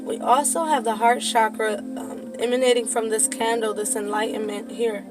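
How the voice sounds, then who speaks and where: A high-pitched woman talks through a tarot reading in a casual, swearing way that turns into impassioned preaching. Music plays clearly behind her voice. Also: fairly even intonation, moderate pace. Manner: profane, casual. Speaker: tarot reader.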